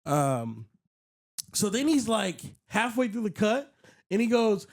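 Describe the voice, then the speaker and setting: A man hosting a podcast, telling a story in casual chat, animated and acting out other people's lines, with frequent swearing. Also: high-pitched, slow pace, no room sound, clean studio sound. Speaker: podcast host.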